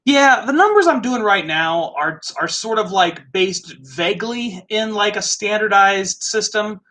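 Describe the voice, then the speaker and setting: A chatty man with a Midwestern American accent hosts a casual live tasting. His voice sits high for a man and has a bright, forward edge. He muses aloud in a loose, easygoing way. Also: expressive, unhurried. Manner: chatty, musing aloud, laughs easily. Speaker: host.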